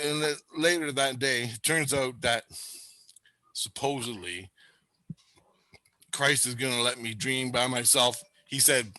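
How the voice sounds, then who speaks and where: A man telling a wild story in casual chat, rambling and swearing, laughing and acting out voices along the way. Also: dry recording. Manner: animated, laughing, acts out voices with big pitch jumps. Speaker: storyteller recounting experiences.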